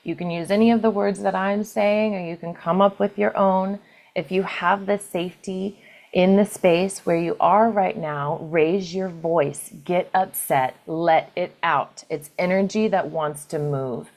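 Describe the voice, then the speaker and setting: A woman leading a guided EFT tapping session, calling out tapping points in a slow, gentle, repetitive way. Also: lowish voice, steady tone.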